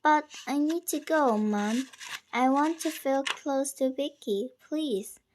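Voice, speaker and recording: A woman's voice: high-pitched, takes it slowly, slight background noise, voice pushed up. A woman reading a frightened, pleading schoolgirl. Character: frightened, grieving young schoolgirl. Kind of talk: reading a novel aloud.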